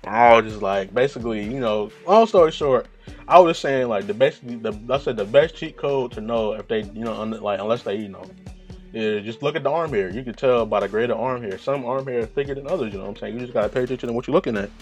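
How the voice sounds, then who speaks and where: A man's voice: medium pitch, fast, a little mellow, faint music behind. Rambling, profane man hosting a podcast. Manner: casual, profane, rambling with many fillers. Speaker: podcast host.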